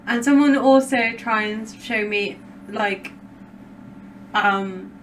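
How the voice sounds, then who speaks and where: A woman's voice: fairly high pitch, takes it slowly, a bit bright, distant mic, a little hiss or hum. A woman co-hosting a casual podcast, chatty and giggly, with lots of fillers. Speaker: podcast co-host.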